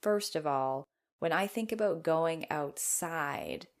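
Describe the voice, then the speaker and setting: A woman's voice: deep voice, animated, slow pace. A woman podcast host reading her old blog post aloud and breaking in with playful, amused asides.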